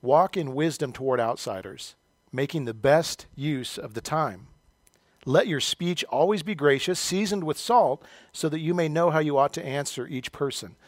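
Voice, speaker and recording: A man's voice: a little high, moderate pace, dry recording. Male pastor, middle-aged, sermon, storytelling, joking at himself, dry close sound. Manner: storytelling, self-deprecating humor.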